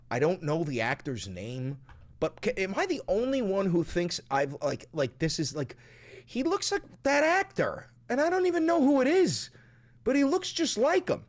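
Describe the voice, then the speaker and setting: A man hosting a political commentary stream, talking in a profane, excitable way and laughing often. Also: a little high. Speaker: streamer host.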